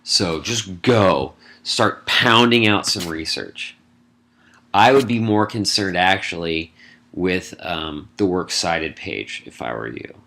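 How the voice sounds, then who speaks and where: A man's voice: deep voice, expressive, creaky, sharp tone. A middle-aged man, a college English instructor, casually walking students through an essay assignment with wry asides. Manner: casual, wry asides, lists points briskly. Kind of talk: recorded lecture explaining an assignment.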